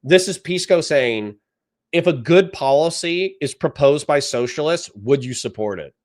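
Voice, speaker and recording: A man commenting live on a debate stream, heated and profane, ranting in quick bursts. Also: fairly high pitch, lively intonation, a little mellow. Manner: heated, profane, rapid rants.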